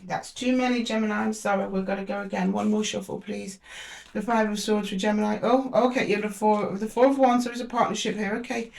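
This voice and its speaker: A woman's voice: mid-range voice, fairly even intonation, quick pace, gravelly. A woman reading tarot cards to camera. She speaks straight to the zodiac sign, thinks aloud and often stops and restarts. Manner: hesitant, with frequent restarts while drawing cards. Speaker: tarot reader.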